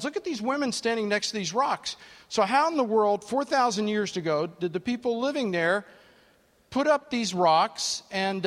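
A man preaching a sermon, his voice sitting a bit high. He speaks in an easy, conversational way and puts questions to the congregation. A long reverb trails his words in the hall. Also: a bit bright. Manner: storytelling a joke, then preaching with questions to the congregation. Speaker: pastor.

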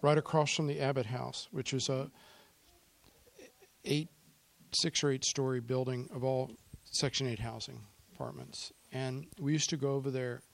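A man's voice: mid-range voice, steady tone, normal speed, creaky. Male pastor, church talk, choked-up sincerity turning to prayer. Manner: emotional, softly spoken then fervent in prayer. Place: church service.

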